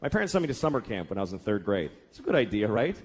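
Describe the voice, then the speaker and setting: A man's voice: fairly low pitch, big pitch swings, rapid-fire, husky. A man doing a stand-up routine, telling stories in a profane, exasperated way. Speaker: stand-up comedian.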